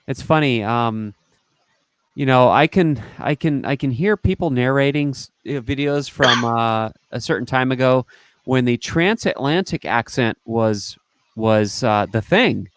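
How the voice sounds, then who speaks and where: A man's voice: medium pitch, expressive, a little slow, clear, resonant tone, no echo. A man from Northern California hosting a casual live-stream chat, rambling and losing his train of thought. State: has had a beer. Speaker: host.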